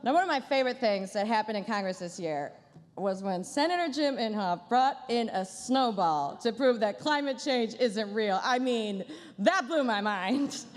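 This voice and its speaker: A woman's voice: fairly high pitch, expressive, normal speed, in a large hall. A woman comedian doing a stand-up roast at a banquet dinner, with a dry, sarcastic delivery and playful asides. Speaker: comedian headlining a gala dinner. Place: large banquet hall.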